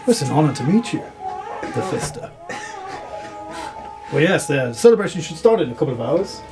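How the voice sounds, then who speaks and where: A man's voice: fairly high pitch, sing-song, normal speed. A man voicing a friendly working-class townsman who is proud of his community and sizes up strangers in a chatty, welcoming way, in a tabletop game with music behind. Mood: inviting. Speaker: non-player character. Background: background music.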